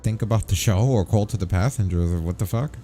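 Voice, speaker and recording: A man hosting a let's play, reading the game's text aloud with wry, deadpan asides. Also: lowish voice, quick pace, a little hiss or hum.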